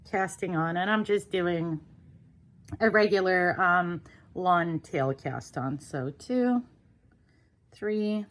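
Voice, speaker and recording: A woman casually demonstrating knitting with double pointed needles, talking loosely with frequent ums. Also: on the low side. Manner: relaxed, unscripted, many ums and uhs. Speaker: knitting instructor.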